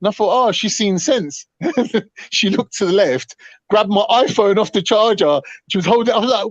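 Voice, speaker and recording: A man telling a story to a live panel, animated and swearing freely. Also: sits high, moderate pace, no room sound. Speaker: panel host. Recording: dull, dry online stream audio.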